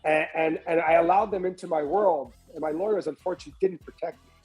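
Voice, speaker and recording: A man's voice: on the high side, fast talker, faint music behind, rough recording. New man telling his story. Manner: animated storyteller who acts out other people's lines; frequent restarts and repeated words. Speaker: restaurant entrepreneur, guest. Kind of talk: candid storytelling interview.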